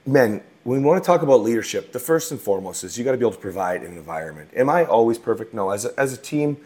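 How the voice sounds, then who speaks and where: A man co-hosting a marriage talk, giving advice to men in a relaxed way and checking in with tag questions. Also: mid-range voice, fast talker. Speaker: marriage coach co-host.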